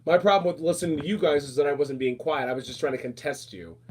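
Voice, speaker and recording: A man with a fairly high voice rants emphatically on his own podcast. He talks casually, circles back and repeats his points again and again. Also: a little mellow, slight background noise. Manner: emphatic, repetitive, fast rants. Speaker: podcast host. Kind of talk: casual ranting talk.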